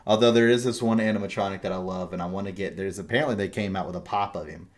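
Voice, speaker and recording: Rambling, cursing podcast host. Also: male voice, deep voice, fast talker. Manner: rambling, swears freely, animated storytelling. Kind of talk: casual chat.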